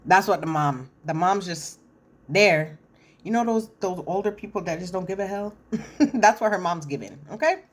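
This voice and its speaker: A woman's voice: on the low side, expressive, moderate pace. A woman giving a chatty, blunt, slangy recap of a reality show, with lots of fillers. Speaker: reality TV commentator. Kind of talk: casual recap commentary.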